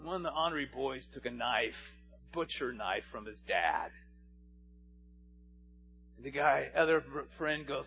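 A man's voice: mid-range voice, animated, a little slow, vocal fry, long pauses, highs cut off, a little hiss or hum. A man, a pastor, preaching a sermon and telling stories, at times rising to passionate pleading. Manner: storytelling, rising to impassioned pleading.

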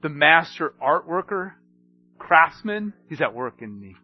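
A man preaching a sermon, swinging between hushed asides and emphatic storytelling. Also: on the high side, big pitch swings, a little slow, muffled recording.

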